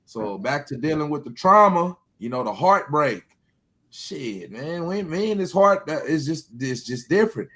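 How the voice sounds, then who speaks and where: A man holding forth in a casual group conversation, swearing freely and pressing his points hard. His voice sits a little high for a man, and he keeps pulling his listeners in with "you hear me?". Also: very animated, unhurried, fairly bright tone. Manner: profane, emphatic, keeps asking "you hear me?".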